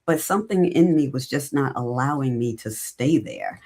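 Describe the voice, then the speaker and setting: Speaking at a normal pace in a very deep voice, this middle-aged recruiting entrepreneur is a guest on an interview podcast. Her career story comes out casual and animated as she plays both sides of old conversations.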